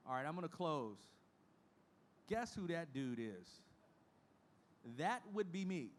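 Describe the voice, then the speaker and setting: A man in his fifties addresses a conference audience from the stage, his voice sitting a little high for a man. He is frank and folksy, mixing hard numbers with heartfelt stories. Faint room ambience hangs under the speech. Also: big pitch swings, takes it slowly, slight background noise. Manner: frank, folksy, emotional storytelling. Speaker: association leader giving a presentation.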